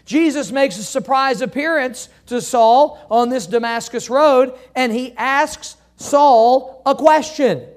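A man's voice: extremely high pitch, slow, few pauses. A man pastor preaching a sermon in an emphatic, folksy way, with joking asides.

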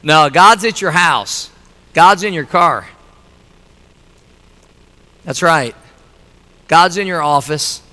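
A man's voice: a little high, slow pace, pauses often, sharp tone, in a large hall. A middle-aged male pastor preaching a sermon, emphatic and repetitive, telling a story for a laugh. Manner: emphatic, repeating lines, telling a joke story. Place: church sanctuary.

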